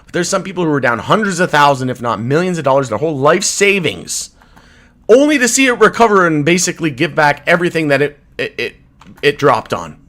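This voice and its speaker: A man with a Canadian accent rants into his livestream, swearing hard. His pitch jumps high and falls away in wild swings. The voice sits a little high for a man. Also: big pitch swings, fairly quick. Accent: Canadian English. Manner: furious, profane, swinging from shouting to low mutters. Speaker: crypto livestream host. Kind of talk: angry livestream rant.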